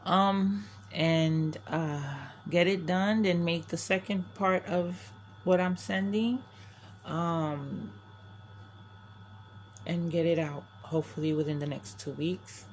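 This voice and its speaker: A woman's voice: on the low side, fairly even intonation, takes it slowly, a little hiss or hum. An older woman from New York, a crafting vlogger chatting candidly to camera, rambling and often restarting her sentences. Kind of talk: casual chat to camera.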